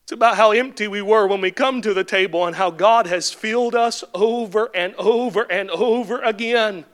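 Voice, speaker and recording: A male preacher delivering a sermon, swelling into shouted, repeated refrains and then dropping back to quiet, questioning speech. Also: high-pitched, normal speed. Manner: builds to impassioned shouted climaxes, then drops to quiet.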